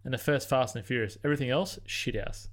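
A man's voice: medium pitch, fast. A man co-hosting a casual movie podcast, swearing and laughing as he chats. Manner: animated, swearing, laughs often. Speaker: podcast co-host. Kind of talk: casual movie review chat.

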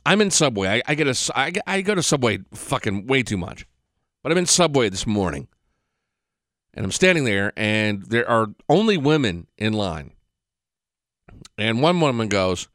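A man's voice: on the low side, lively intonation, normal speed, a bit bright, no room sound, clean studio sound. A man hosting an opinionated monologue, talking in a sarcastic, mocking way with profanity and rambling restarts. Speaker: political commentary host.

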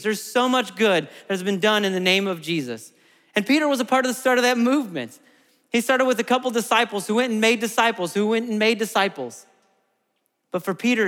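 A man's voice: high voice, fairly bright tone, long reverb tail. A man preaching a sermon to his congregation. He talks in a conversational way, often laughing and asking the room questions. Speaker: pastor.

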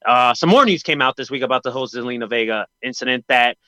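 A man hosting a casual wrestling podcast, talking in an animated way that swings between hyped and disgruntled. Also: mid-range voice, quick pace, no room sound, poor audio. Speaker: podcast host.

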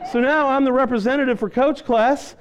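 High-voiced preacher telling a story. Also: male voice, fairly quick, a faint crowd. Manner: animated, self-deprecating storyteller. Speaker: pastor. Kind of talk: sermon storytelling.

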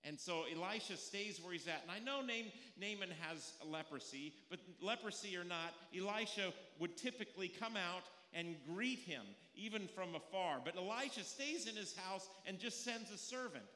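Bright-voiced preacher in an echoing church. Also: male voice, high voice, moderate pace, hardly any pauses. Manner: conversational storytelling, rhetorical questions. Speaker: pastor. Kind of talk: sermon. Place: church sanctuary. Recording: echoey hall with long reverb.

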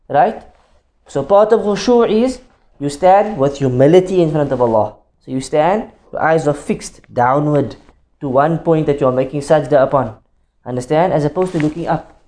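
A man's voice: on the high side, normal speed, mellow. A man teaching a religious class in an explanatory tone, who repeats each point and keeps checking that students understand, with Arabic phrases mixed in.

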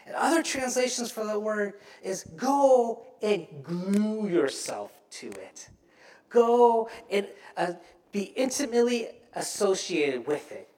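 In a reverberant room, a pastor slowly works through his sermon in a high-pitched voice, dramatizing the story with acted-out voices and frequent asides to the congregation.

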